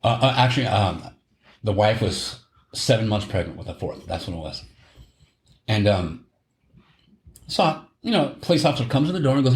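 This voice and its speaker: A man's voice: medium pitch, a little fast, pauses often. A middle-aged man, telling a long story on a podcast, rambling and correcting himself and laughing at his own tale. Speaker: podcast host. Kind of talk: casual storytelling chat. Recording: roomy echo.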